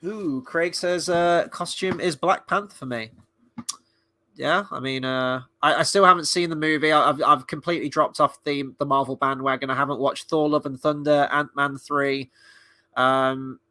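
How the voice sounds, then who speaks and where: A man hosting a live movie-night stream, chatting casually and excitedly and swearing freely. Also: a little high, moderate pace. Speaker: livestream host and movie reviewer. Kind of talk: casual live watchalong commentary.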